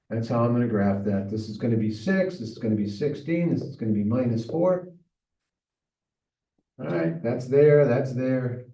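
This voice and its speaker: In an echoey room with a distant mic, a man teaching math thinks aloud through problems, chatting and muttering to himself as he goes. His voice is mid-range with a warm tone.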